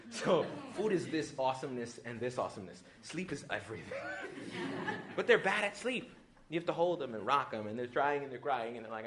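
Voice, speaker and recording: A man, a priest, giving a retreat talk, joking and lively, often acting out little voices. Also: on the high side, a little fast, crowd noise. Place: retreat hall with audience.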